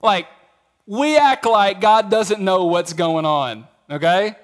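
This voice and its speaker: High-voiced conversational male pastor. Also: takes it slowly. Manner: conversational, storytelling with acted quotes. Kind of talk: sermon.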